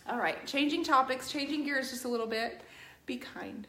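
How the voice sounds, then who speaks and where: A woman's voice: sits high, moderate pace, pushed and bright, slight background noise. Earnest woman painter in an echoey room. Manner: earnest, emphatic, speaks directly to viewers. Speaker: furniture painting instructor streaming live. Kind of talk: live painting stream chat. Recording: roomy echo.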